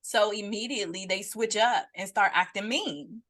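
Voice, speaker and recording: A woman co-hosting a laid-back podcast over a video call. She talks in a lively, laughing way and keeps slipping into playful put-on voices, with a pitch that sits in the middle. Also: normal speed. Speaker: podcast co-host. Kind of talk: casual chat.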